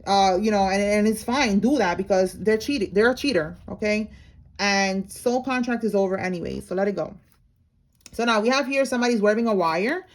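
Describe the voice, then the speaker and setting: A woman giving a casual tarot reading to her viewers, talking in a slangy, blunt way and calling them y'all. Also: a little high. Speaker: tarot reader.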